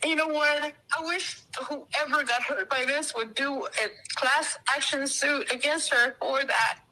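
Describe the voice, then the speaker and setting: A woman's voice: high-pitched, steady tone, measured pace, sharp tone, low-quality recording. A woman with a Texan accent calling in to a live stream, telling an emotional story, swearing and repeating herself.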